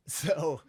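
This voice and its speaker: A man from Chicago telling a long, rambling story on a podcast, animated and swearing freely as he laughs along. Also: high voice, slightly rough.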